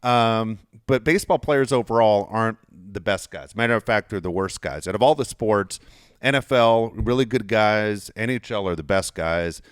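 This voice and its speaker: A man's voice: fairly low pitch, normal speed, smooth, dry recording, clean studio sound. A man in his fifties, a podcast host who worked in sports media, telling stories casually and with plenty of swearing, raising his voice when he acts out arguments. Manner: animated, profane, acts out quarrels in a raised voice. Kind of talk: casual storytelling.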